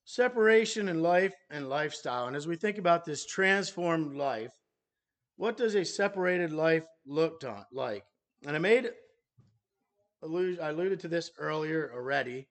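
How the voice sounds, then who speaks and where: A male preacher delivers a sermon at a slow, considered pace, often pausing mid-phrase and starting over. His voice sits a little higher than most men's. He speaks plainly to the men in his congregation. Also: animated, fairly bright tone. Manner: measured, halting delivery with restarts and pauses.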